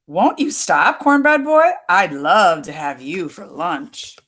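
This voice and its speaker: A woman voicing a fierce, hungry fox in a read-aloud story, calling out in a high voice. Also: very animated, takes it slowly, fairly bright tone, full character voice. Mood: pleading.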